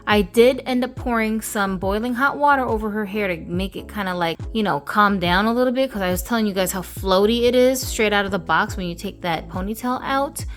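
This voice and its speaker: A woman's voice: medium pitch, a little fast, hardly any pauses, soft background music. A woman hosting a doll review vlog, talking playfully with sassy, slangy jokes.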